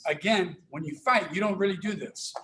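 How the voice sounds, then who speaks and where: A man's voice: sits high, normal speed, sharp tone, reverberant, far from the mic, poor audio. A man teaching a beginners' karate class, talking through moves with many restarts and "right?" checks. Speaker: karate instructor. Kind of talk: online class instruction.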